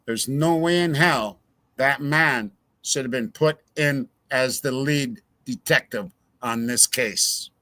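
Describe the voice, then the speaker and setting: A man's voice: mid-range voice, slow pace, sharp tone, no room sound. A man hosting a true crime livestream, ranting in a heated, profane way to his viewers. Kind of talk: casual livestream commentary.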